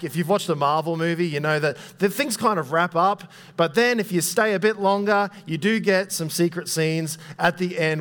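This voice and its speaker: Young guy preaching, kinda high voice, chatty and joking at himself, lots of ums. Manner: conversational, self-deprecating, with fillers. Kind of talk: sermon.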